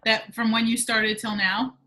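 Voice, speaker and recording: A woman's voice: a little high, little pitch movement, measured pace, pushed and bright, low-quality recording. A woman hosting a casual interview, chatty and full of ums and restarts. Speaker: host interviewer.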